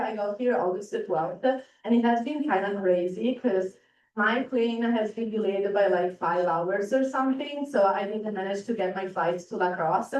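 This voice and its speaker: A woman's voice: medium pitch, darkish tone. Teen girl presenting in a roomy hall. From Italy. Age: teens. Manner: chatty, lots of "like" and "um". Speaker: exchange student. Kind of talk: informal presentation to a club. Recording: roomy hall sound, distant mic.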